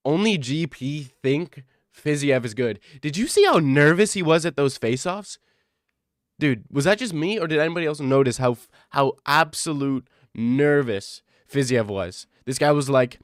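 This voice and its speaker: Man, streamer, casual chat with viewers, excitable, swears a lot, repeats phrases, dry close sound. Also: mid-range voice, normal speed, dry recording.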